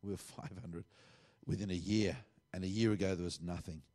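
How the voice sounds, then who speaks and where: A man's voice: sits low, fairly even intonation, a little fast, mellow. A middle-aged man, a pastor, earnestly telling a testimony and acting out the dialogue he quotes.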